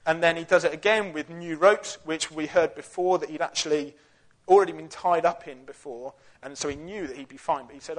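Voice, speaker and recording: A man's voice: on the high side, normal speed. A young man giving a casual, jokey Bible talk full of fillers and slang. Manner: chatty, jokey, with lots of fillers. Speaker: youth Bible teacher.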